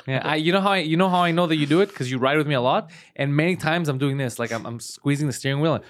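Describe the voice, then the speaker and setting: A man co-hosting a casual podcast, telling stories fast with mocking impressions of his friend. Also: on the high side. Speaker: podcast co-host.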